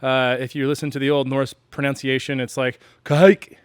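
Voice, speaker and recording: A man's voice: medium pitch, completely flat delivery, brisk, clear, resonant tone, dry recording, clean studio sound. A man from the United States hosting a homebrewing channel, explaining casually and rambling with many fillers and self-deprecating asides.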